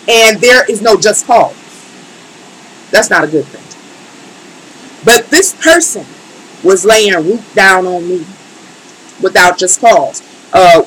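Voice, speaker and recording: A woman's voice: fairly low pitch, a bit bright, a little hiss or hum, rough recording. Emphatic woman telling a story on a live stream. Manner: emphatic, colloquial, talks straight to chat. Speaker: tarot reader and live streamer.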